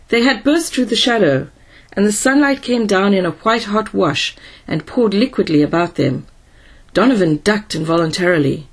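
Measured female audiobook narrator, slightly breathy voice, even delivery. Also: mid-range voice. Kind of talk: scripted narration.

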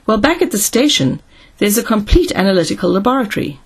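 An earnest, anxious young male engineer in a sci-fi audiobook, read by a woman. He explains things carefully, in a soft, slightly breathy voice. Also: medium pitch, big pitch swings, fast.

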